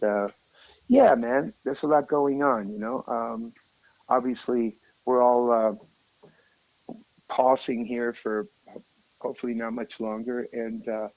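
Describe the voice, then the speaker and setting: A rock musician telling a story in a casual interview, animated and emotional, often calling the listener "man". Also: mid-range voice, takes it slowly, pauses often, dry recording, low-quality recording.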